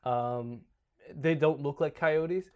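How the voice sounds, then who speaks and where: A man's voice: a little high, slow, clean tone, lo-fi sound. A man hosting a podcast, reading notes in a casual, joking way with small stumbles. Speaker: podcast host.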